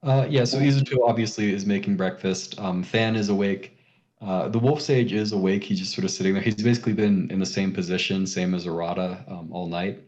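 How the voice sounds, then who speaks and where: A man's voice: sits low, steady tone, a little fast, a little mellow. A man narrating a tabletop game as game master, hesitant with many ums and uhs, on a dull lo-fi recording.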